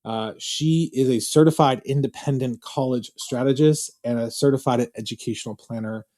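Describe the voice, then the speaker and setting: A man hosting a podcast interview, asking loose, filler-heavy questions in a relaxed way. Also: mid-range voice, normal speed. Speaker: podcast host.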